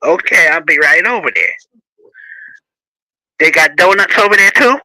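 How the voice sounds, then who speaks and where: A man voicing a friendly, nosy man who fusses excitedly over coffee. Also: mid-range voice, unhurried, no room sound, rough recording. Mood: chummy.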